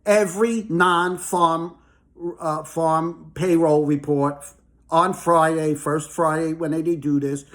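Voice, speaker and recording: A man's voice: on the high side, fairly even intonation, takes it slowly, a bit bright. A man giving an angry, emphatic monologue about the markets, who keeps tagging his points with "okay?" and "all right?". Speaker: market commentator. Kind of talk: casual ranting monologue.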